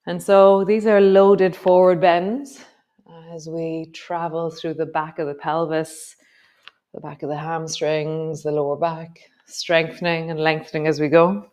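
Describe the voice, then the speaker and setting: A woman teaching a yoga class, giving calm, slow movement cues with soft trailing words. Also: deep voice, lo-fi sound. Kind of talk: guided yoga class instruction.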